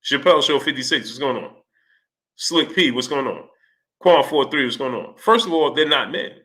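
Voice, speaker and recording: A man with a bright, forward voice hosts a casual sports livestream. He keeps greeting viewers in the chat by name between points and breaks into animated, exasperated rants. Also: medium pitch, normal speed. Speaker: livestream host.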